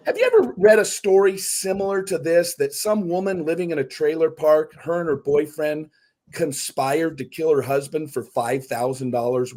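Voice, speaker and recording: A man who is a guest on a talk podcast, a speaker and author, telling stories in animated, casual conversation. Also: on the high side. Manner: animated storyteller, breaks words down.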